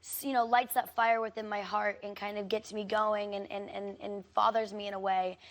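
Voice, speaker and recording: A woman's voice: mid-range voice, level tone, normal speed. A teenage girl, an actress, chatting casually as a talk show guest, with lots of fillers and frequent giggles. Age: teens. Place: TV studio.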